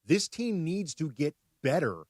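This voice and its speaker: A man's voice: a little high, big pitch swings, unhurried, a little mellow, no room sound, studio quality. A man co-hosting a sports radio show, giving wry, analytical takes in casual talk.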